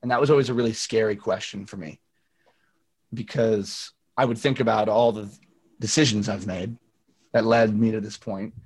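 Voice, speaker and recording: A man's voice: fairly low pitch, steady tone, moderate pace, darkish tone, slightly rough. A young man talking casually in a video call interview, chatty and storytelling, with many fillers and acted-out quotes. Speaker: singer-songwriter guest.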